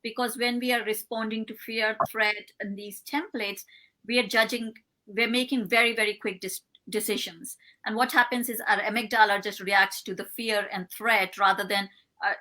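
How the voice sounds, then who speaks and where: Bright-voiced woman explaining calmly. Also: mid-range voice. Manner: measured, explains step by step. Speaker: interview guest, behavioural scientist. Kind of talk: thoughtful explanatory interview answers.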